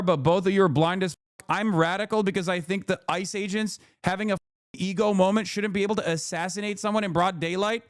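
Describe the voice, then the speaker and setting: Man, streamer, high-pitched voice, heated cursing rant, arguing with chat, livestream commentary. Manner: heated, profane ranting.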